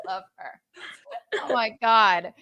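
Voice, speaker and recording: A woman's voice: fairly high pitch, a bit bright. A woman hosting a podcast in a casual chat, giggly and playful, slipping into silly quoted voices. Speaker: podcast host.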